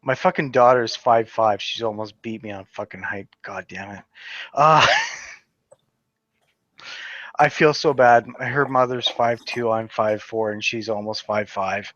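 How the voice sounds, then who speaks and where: A man's voice: fairly low pitch, measured pace, a bit bright, dry recording. Sweary rambling man on a lo-fi mic. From Western Canada. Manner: sweary, rambling, laughs often. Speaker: channel host. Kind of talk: casual chat.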